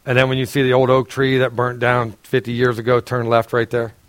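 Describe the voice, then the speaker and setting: A man, a pastor, giving a sermon in a casual, conversational storytelling way, often clearing his throat and laughing with the congregation. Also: medium pitch, monotone, brisk, no room sound.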